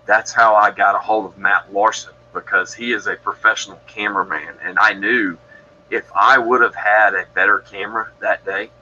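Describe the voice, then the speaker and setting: This is a man with a deep, low voice and a bright, forceful edge. He tells his story casually on a podcast, rambling and correcting himself as he goes. The recording sounds a little dull, with a faint hiss underneath. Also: fairly even intonation, moderate pace. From Georgia, USA. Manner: rambling, self-correcting, matter-of-fact. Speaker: guest describing encounters.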